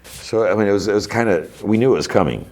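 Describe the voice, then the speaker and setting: A man's voice: lowish voice, quick pace, darkish tone. A man hosting a podcast, chatting casually in a rambling way, full of fillers and "like". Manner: rambling, filler-heavy, lots of "like". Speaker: podcast host. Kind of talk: casual recap chat.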